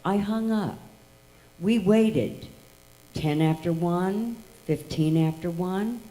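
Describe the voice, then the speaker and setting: A woman's voice: on the low side, slow, warm tone, low-quality recording. A woman telling a tribute story to an audience at an event, acting out the dialogue as she goes. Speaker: tribute speaker.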